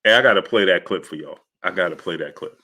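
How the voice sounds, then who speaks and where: Male livestream host, excitable, shifts from loud to muttered, bright tone. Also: low voice, fast. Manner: excitable, reads out viewer messages, swings between loud and muttered. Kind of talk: livestream boxing commentary.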